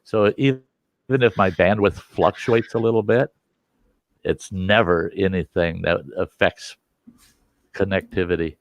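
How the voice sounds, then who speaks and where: A man hosts a relaxed livestream chat, walking through technical details in a loose, rambling way. His voice sits very low and moves slowly. The sound is close and dry, with no room around it. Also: no room sound, muffled recording. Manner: rambling, explains tech step by step. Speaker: livestream host. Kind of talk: casual chat.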